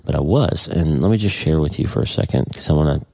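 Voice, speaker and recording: A man's voice: a bass voice, lively intonation, fast talker, gravelly, dark tone, breathy edge. A middle-aged man hosting a podcast, talking earnestly and off the cuff. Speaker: podcast host. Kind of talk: casual podcast talk.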